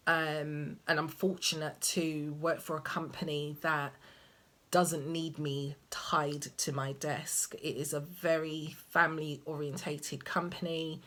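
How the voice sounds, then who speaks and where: A woman's voice: sits low, fairly bright tone. A young woman vlogging casually about parenting, rambling and hesitant with many ums and restarts. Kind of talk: casual chat to camera.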